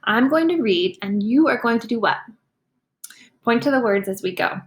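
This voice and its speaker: A woman teacher, leading a demonstration reading lesson for young students, encouraging and clearly sounding out words. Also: on the high side, lively intonation, normal speed.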